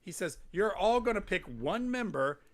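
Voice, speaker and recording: Here the wrestling podcast host sounds high-pitched and animated, moving at a normal speed. He keeps things loose and rambling, cracking jokes and doing quotes in goofy voices.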